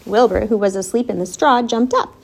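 A woman narrating a children's storybook aloud in an expressive, measured way. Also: on the high side, vocal fry, slightly rough. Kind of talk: storybook reading.

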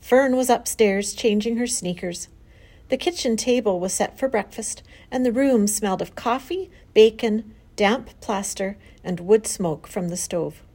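A woman narrating a children's storybook aloud in an expressive reading style. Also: mid-range voice, unhurried, husky.

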